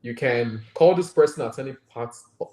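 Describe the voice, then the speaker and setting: A man's voice: medium pitch, normal speed, darkish tone. A man with a Nigerian accent, a guest doctor in an interview, talking earnestly and reflectively and often checking in with "right?". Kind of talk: conversational interview. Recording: roomy echo.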